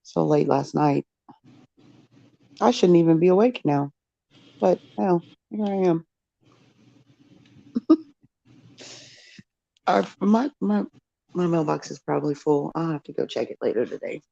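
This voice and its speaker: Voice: medium pitch, animated, measured pace, creaky, long pauses, warm tone, no echo, muffled recording. A regular guest on a casual chat, laughing easily and talking in a chatty way.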